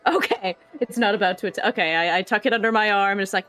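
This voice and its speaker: A woman's voice: medium pitch, fast, soft background music. A woman playing a tabletop game, laughing often as she talks. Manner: giggly, lively. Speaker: player.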